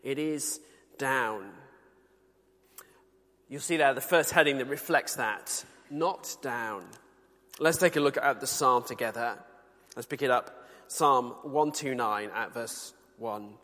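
A man from the UK preaching a sermon in a conversational, earnest way, slowing down to read scripture. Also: medium pitch, a bit bright, in a large hall. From United Kingdom.

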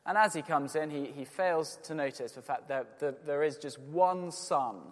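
A man's voice: a little high, normal speed. A man preaching a sermon, earnest and emphatic, with rhetorical questions. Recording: long church reverb.

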